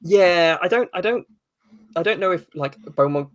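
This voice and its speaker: A man's voice: high voice, moderate pace, no echo. A man being interviewed as an author, thoughtful and a bit hesitant, with dry humor. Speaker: author as guest. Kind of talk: casual interview answers.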